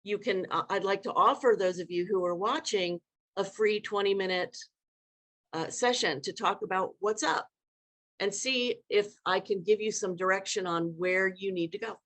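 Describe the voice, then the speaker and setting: A woman leadership coach giving a live online workshop talk, demonstrating vocal inflections in an animated way. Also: mid-range voice, normal speed.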